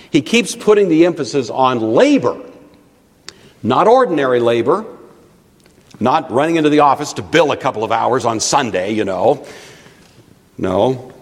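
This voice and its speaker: A man preaching a teaching sermon in an animated, conversational way with frequent asides. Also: medium pitch. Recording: long reverb of a large hall.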